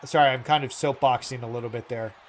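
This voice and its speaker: A man's voice: mid-range voice, steady tone, fast talker. A man live-streaming a video game, chatting casually with viewers in a rambling, earnest way full of fillers and self-corrections. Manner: earnest and heartfelt. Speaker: gaming streamer.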